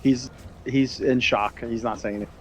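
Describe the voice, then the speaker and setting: A man with a middle-pitched voice narrates a tabletop game as game master. He stumbles through his scene descriptions with ums and restarts, and faint noise hums underneath. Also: fairly even intonation, a bit bright. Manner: halting narration with many fillers and restarts, laughs often.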